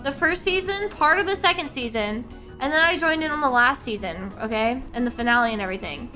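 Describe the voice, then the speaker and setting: A young woman chats casually on a live stream, rambling and giggly, tripping over her words and restarting often. Her voice sits high and sounds bright and sharp. A faint bed of music plays underneath. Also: lively intonation, brisk. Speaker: VTuber streamer.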